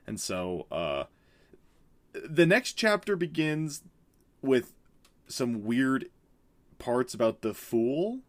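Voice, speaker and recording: A man co-hosting a book podcast, chatty and quick to laugh. His voice is recorded dry and close, with no room sound. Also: medium pitch, sing-song, no room sound. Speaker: podcast co-host. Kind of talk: casual book-club chat.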